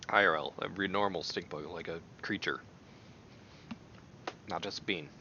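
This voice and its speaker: Bright, gravelly-voiced man rambling on camera. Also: low-pitched, moderate pace, highs cut off, slight background noise. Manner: rambling, animated, exclaiming. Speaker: video creator. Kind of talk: casual chat while taste-testing.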